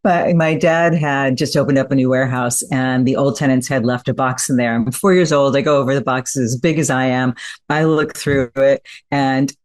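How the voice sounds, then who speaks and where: A woman with a very low voice, speaking as a guest on an interview. She tells stories with energy and acts out the voices of the people she quotes. The recording is dry and close. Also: normal speed, no room sound. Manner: lively storyteller who acts out quoted voices. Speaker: guest entrepreneur. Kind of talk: storytelling in an interview.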